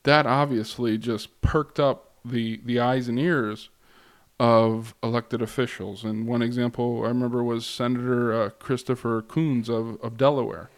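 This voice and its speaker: A middle-aged man speaking as a guest lecturer, his voice smooth and resonant at a medium pitch. He talks loosely and conversationally, restarting phrases and filling pauses with ums. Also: steady tone. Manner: conversational, with frequent fillers and restarts. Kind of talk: informal lecture.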